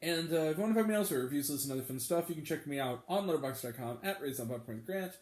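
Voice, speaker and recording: A man's voice: a little high, lively intonation, very fast, darkish tone, roomy sound. A man hosting a movie review video, chatty and enthusiastic, with bursts of swearing. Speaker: movie review channel host. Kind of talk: casual talk-to-camera review vlog.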